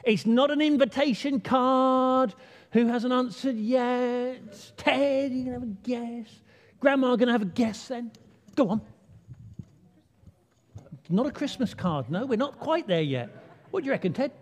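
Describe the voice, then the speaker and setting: A man's voice: very high voice, unhurried. A man leading an all-age church talk, playful and chatty, drawing the congregation in. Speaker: church leader. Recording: long hall reverb.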